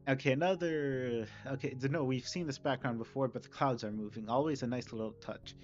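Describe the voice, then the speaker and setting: Man reading a game's narration on stream, mid-pitched, casual asides, soft music under a slightly dull mic. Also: fairly quick. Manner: relaxed, chatty, self-correcting. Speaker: streamer reading a visual novel mod.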